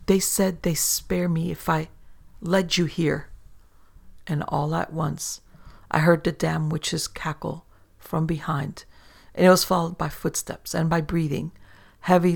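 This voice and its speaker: Man, horror story narrator, very gravelly voice, flat, hushed. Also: fairly high pitch.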